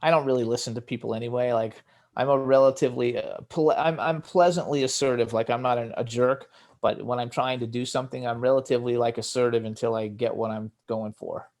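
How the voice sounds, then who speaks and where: A man's voice: mid-range voice, fairly even intonation, a little fast, darkish tone. A man chatting in a casual interview, laughing often and rambling with lots of fillers. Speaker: radio show host, interviewee.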